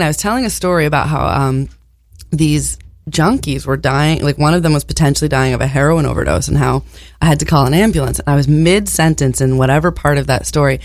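A woman's voice: deep voice, no echo, studio quality. Giggly, crude woman co-hosting a chat show. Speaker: podcast co-host. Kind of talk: bawdy casual chat.

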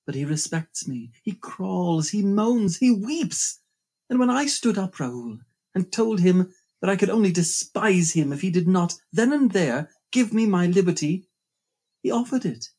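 A woman's voice: fairly low pitch, animated, a little slow, warm tone, breathy edge, heavily acted. A man voicing a young woman in an audiobook, speaking of her captor with earnest, rising passion. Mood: wistful. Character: young woman, frightened yet devoted. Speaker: audiobook character voice.

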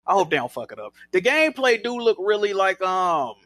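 A man co-hosting a casual gaming podcast, excitable and joking, swearing freely. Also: high voice, a little fast, dry recording. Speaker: podcast co-host.

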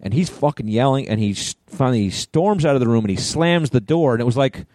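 A middle-aged man co-hosting a podcast, telling lively anecdotes and acting out the voices of people he quotes. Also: medium pitch, a little fast, no echo, studio quality. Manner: animated anecdotes, acts out quoted voices, laughs often. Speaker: podcast co-host. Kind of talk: casual storytelling chat.

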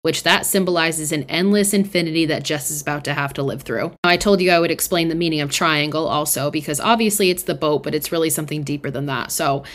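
A young woman with a low voice hosts a podcast, talking through a film's plot in a loose, casual way. She swears freely and peppers her speech with "like". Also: quick pace, few pauses, fairly bright tone. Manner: chatty, swears often, fillers like "like". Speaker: podcast host. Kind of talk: casual film recap.

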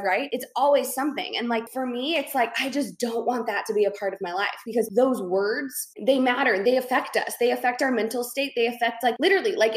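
A woman's voice: fairly high pitch, roomy sound. A woman hosting a casual solo podcast, talking bluntly with lots of "like" fillers and the odd swear word. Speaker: podcast host.

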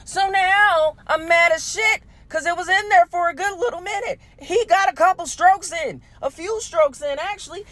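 A woman's voice: very high voice, normal speed, hardly any pauses, slight background noise. A woman hosting a podcast, telling a story in a blunt, profane, casual way and talking straight to her listeners. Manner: blunt, profane, animated, with frequent laughs; addresses listeners directly as "y'all". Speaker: podcast host.

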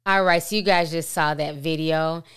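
A woman's voice: sits low, steady tone, moderate pace, heavy background noise. A woman hosting a commentary vlog, talking conversationally and straight to her viewers. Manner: conversational, addresses viewers directly. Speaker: host.

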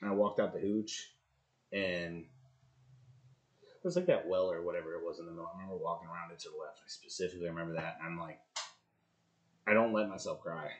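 A man in his thirties with a fairly low voice tells a hard story in an interview. He talks bluntly and swears freely. His level jumps from loud bursts down to quiet mutters. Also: fast talker, pauses often. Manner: blunt, profane, swings between loud outbursts and low mutters. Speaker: podcast guest, former Marine.

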